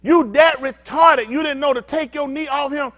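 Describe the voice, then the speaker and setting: A man preaching a sermon-style teaching with call-and-response. He talks bluntly, swinging between loud emphatic outbursts and low muttered asides. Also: steady tone, normal speed. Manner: blunt, street-talking preacher. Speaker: pastor.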